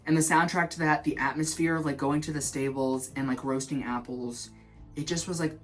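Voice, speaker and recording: A young man vlogging in his shower, rambling in an animated, self-mocking way. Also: fairly high pitch, fairly quick, faint music behind. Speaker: vlog host. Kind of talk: rambling stream-of-consciousness chat. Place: in the shower at home.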